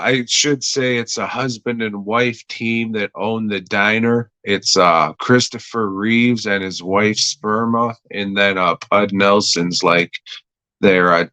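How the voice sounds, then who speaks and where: A man hosts a podcast and talks his way through a TV episode in a loose, rambling recap that is full of swearing and jokes. He speaks slowly at a middle pitch, and his voice is recorded close and dry. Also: pushed and bright, smooth, no echo. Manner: rambling, profane, jokey. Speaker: podcast host reviewing a TV episode. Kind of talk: casual profane episode recap.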